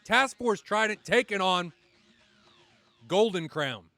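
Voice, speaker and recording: A man commentating a live flight-simulation match stream in a chatty, excitable way, swearing now and then and poking fun at himself. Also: sits high, takes it slowly, gravelly, no room sound. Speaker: esports commentator.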